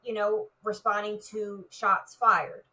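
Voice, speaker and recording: A woman's voice: medium pitch, level tone, takes it slowly, bright, forceful tone, far from the mic, poor audio. A woman, a retired police officer, recounting a personal story in an interview, vividly and with many "like" fillers.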